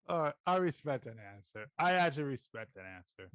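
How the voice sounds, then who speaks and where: A man's voice: medium pitch, very animated, moderate pace, a bit bright, dry recording. A man co-hosting a podcast, giving short, agreeable replies in casual banter and laughing often.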